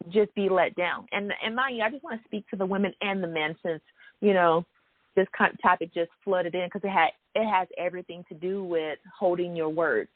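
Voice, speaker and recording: A woman's voice: fairly low pitch, dry recording. Woman, faith vlogger sharing a testimony, emphatic and earnest, thin phone-like sound, dry. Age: adult. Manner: earnest and emphatic, with many "you know" and "right?" asides. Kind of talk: personal testimony to viewers.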